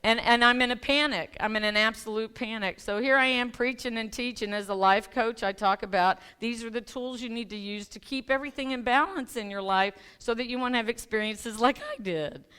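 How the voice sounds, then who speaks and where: A woman's voice: on the high side, brisk, hardly any pauses, pushed and bright, clear, resonant tone. A woman who works as a life coach gives a chatty, self-deprecating sermon, telling a personal story in a church sanctuary and laughing along with the congregation. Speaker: guest speaker and life coach.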